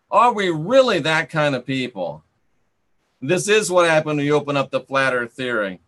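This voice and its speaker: A man's voice: a little high, sing-song, unhurried, pauses often, fairly bright tone. A man hosting a live stream, reading viewer comments aloud and sarcastically scolding and banning rude commenters. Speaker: channel host.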